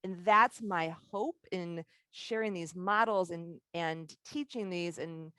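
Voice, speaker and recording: A woman teaches a live leadership workshop, telling candid stories and laughing along the way. Her voice sits a little low for a woman. She speaks over a video call, and the sound is close and dry. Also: slow, pushed and bright, smooth, no room sound.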